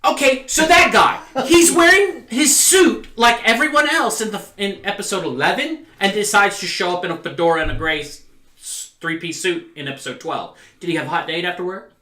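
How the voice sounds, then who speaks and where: High, animated, exasperated man. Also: moderate pace, echoey room. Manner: ranting, exasperated. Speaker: podcast co-host. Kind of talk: casual podcast chat.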